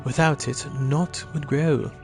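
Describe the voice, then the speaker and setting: A man's voice: on the high side, fairly even intonation, slow, vocal fry, soft background music. A man voicing a stately male elf conjurer in a put-on mix of Scottish and Irish accents, speaking in a solemn, formal way. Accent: mixed Scottish-Irish put-on. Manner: solemn, formal old-fashioned speech. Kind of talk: voicing game dialogue on stream.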